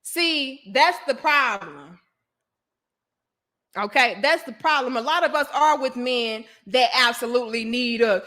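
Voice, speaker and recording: A woman's voice: sits high, measured pace, a bit bright. Blunt, preachy woman streamer. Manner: preachy and emphatic, addresses viewers directly as sis and brothers. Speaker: host of a live online talk show. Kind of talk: blunt live-stream commentary.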